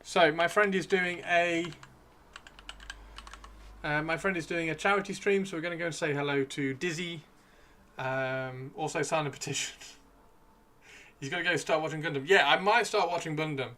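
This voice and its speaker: Chatty male streamer, bright voice. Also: on the high side, moderate pace. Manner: rambling and easygoing, thanking viewers. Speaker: live streamer. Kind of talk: casual live-stream chat.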